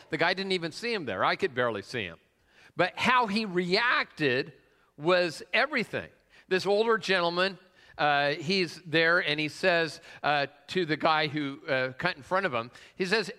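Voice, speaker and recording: The long reverb of a large hall surrounds this pastor's fairly high, sharp-toned voice. He delivers a conversational sermon that includes a personal story, often saying "uh" and asking the congregation questions.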